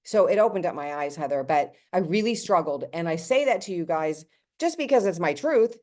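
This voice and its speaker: A woman in her fifties, a network marketing team leader, telling her story in a chatty, animated way on a team call, acting out quotes and talking straight to her listeners. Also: on the low side, a little fast.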